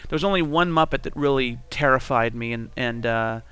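A man from Texas, a podcast co-host, telling funny stories in lively casual chat and acting out voices. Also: medium pitch, a little fast, clean tone. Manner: animated storytelling with acted-out voices.

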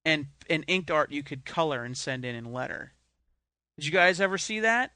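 A man's voice: on the high side, expressive, moderate pace, sharp tone, no room sound. A man co-hosting a podcast, telling rambling, self-deprecating stories in casual banter. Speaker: podcast co-host.

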